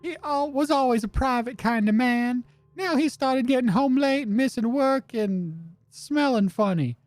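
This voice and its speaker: A nervous, pleading otter wife from a game, her voice lifted high and girlish, as a man puts her on. She speaks in a tight, dry close-mic sound, with faint music behind. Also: a little slow, no echo. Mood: anxious. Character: worried otter wife seeking a detective. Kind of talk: game dialogue read aloud.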